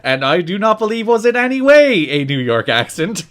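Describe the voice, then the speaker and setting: A man's voice: sits high, very animated, normal speed, a bit bright. Give me a wry male podcast co-host. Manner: wry, recapping storylines. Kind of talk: casual chat.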